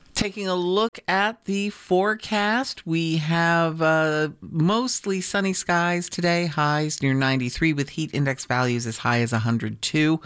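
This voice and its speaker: A morning radio announcer introducing classical music and reading the weather and traffic in a relaxed, unhurried way, still in their morning voice, with small fillers. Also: mid-range voice, clear, resonant tone, dry recording. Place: radio studio.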